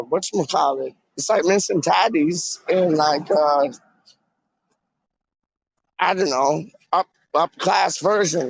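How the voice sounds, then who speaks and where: A man hosting a casual livestream chat, excitable and slangy, repeating catchphrases. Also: high voice, vocal fry, no room sound. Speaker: livestream host.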